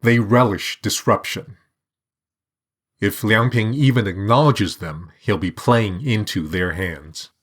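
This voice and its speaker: A man reading a short story aloud in a measured, even storytelling manner. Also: on the low side, slightly rough. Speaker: narrator. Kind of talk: scripted narration.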